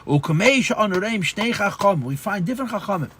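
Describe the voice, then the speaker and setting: Man, rabbi, Torah class, high voice, husky, explanatory, restarts words. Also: lively intonation, brisk, a bit bright. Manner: explanatory, repeats phrases, stammers restarts. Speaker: rabbi teaching Chassidus.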